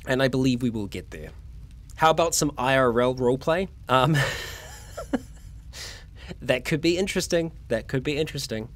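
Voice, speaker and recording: A man's voice: medium pitch, lively intonation, moderate pace, pauses often, a bit bright. A young man, chatting casually on a livestream and answering viewer questions, a little tired. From New Zealand. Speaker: streamer.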